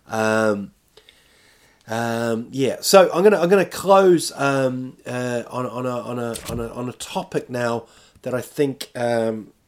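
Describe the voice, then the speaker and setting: A man's voice: medium pitch, takes it slowly. A man rambling in casual, self-mocking chat as a podcast host, talking from home while recovering from illness.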